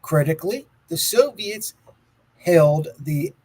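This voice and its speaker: Husky guy on a chill podcast, laughs a lot, kinda stumbles reading his notes out loud. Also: a little high, sing-song, slow, low-quality recording. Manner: laughs often, stumbles over words while reading aloud. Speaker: podcast co-host. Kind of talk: casual conspiracy podcast talk, reading from notes.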